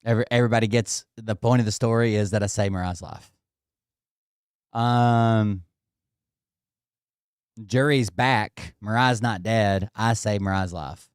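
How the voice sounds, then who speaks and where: A man telling a story casually, animated and swearing often. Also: fairly low pitch, a little slow, long pauses, clear, resonant tone, no echo, clean studio sound. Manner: animated and heavily profane, with laughter. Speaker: vlogger telling a home story.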